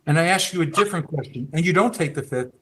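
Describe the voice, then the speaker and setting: A man questioning a witness in a court hearing, measured and persistent. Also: on the high side, expressive, bright, forceful tone. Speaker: questioning attorney.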